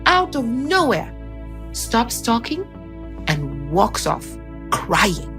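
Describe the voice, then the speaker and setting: A woman telling a personal story on a podcast in an animated, conversational, self-mocking way. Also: fairly high pitch, drawn-out words, over music.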